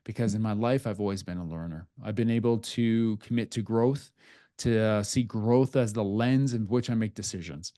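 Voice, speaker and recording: A middle-aged man talks to his podcast listeners in an earnest, confessional tone. His voice is warm and mellow, and it drops quiet when he gets emotional. The recording is close and dry, with no room sound. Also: lowish voice, moderate pace, no echo. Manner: earnest, confessional, speaks softly at emotional moments. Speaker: podcast host. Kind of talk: reflective personal podcast monologue.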